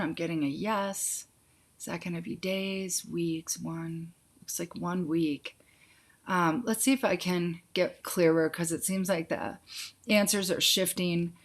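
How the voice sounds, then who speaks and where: Viewers' questions get read aloud by a woman with a lowish voice who hosts a relaxed live psychic Q&A. She offers quick intuitive yes-or-no answers, addressing people as sweetie and honey.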